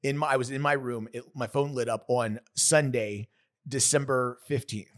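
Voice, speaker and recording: Man, 30s, podcast guest. Mid-pitched voice, earnest and halting, full of restarts. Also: steady tone. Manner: earnest, halting, many restarts and self-corrections. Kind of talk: emotional personal storytelling.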